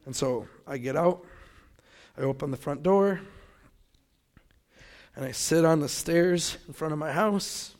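A young man from Grand Rapids, Michigan, telling his personal faith testimony in a relaxed, conversational way, acting out his own thoughts as he goes. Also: fairly high pitch. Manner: conversational, animated retelling with quoted inner thoughts. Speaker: testimony speaker.

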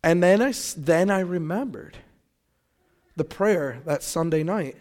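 A young man from Grand Rapids, Michigan, telling his personal faith testimony in a relaxed, conversational way, acting out his own thoughts as he goes. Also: fairly high pitch. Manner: conversational, animated retelling with quoted inner thoughts. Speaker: testimony speaker.

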